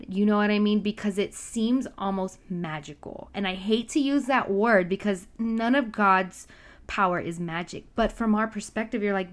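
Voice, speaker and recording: A woman casually retelling a Bible story, chatty and full of side comments and asides. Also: medium pitch.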